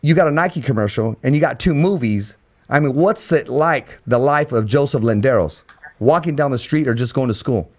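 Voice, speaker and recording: A man hosting a casual boxing podcast interview, energetic and quick to repeat his words. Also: mid-range voice. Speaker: podcast host.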